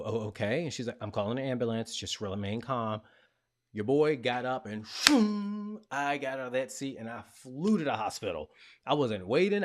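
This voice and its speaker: A middle-aged man hosting a talk show, retelling a personal story in a casual, animated way and acting out the dialogue. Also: mid-range voice. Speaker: podcast host.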